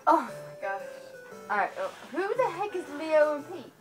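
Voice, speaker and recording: A woman's voice: sits high, sing-song, normal speed. A young British woman giving puzzled, amused, questioning gaming commentary, with game music behind. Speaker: let's play co-host.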